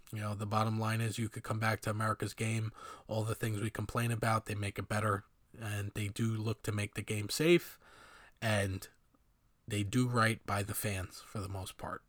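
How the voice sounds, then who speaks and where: A man's voice: on the low side, pushed and bright, no echo. Rambling man talking sports, dry sound. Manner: rambling, frequent fillers, sardonic asides. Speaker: sports commentator. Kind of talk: casual sports opinion monologue.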